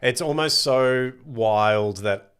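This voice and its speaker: Animated Australian man telling stories. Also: mid-range voice, slow, smooth. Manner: animated storyteller, swears freely. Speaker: guest comedian. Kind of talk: casual podcast chat.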